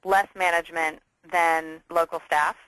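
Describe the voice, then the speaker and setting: A woman hosting a casual business interview, enthusiastic and talking in quick bursts. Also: on the low side, little pitch movement, fairly bright tone, no room sound, rough recording. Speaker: interview host.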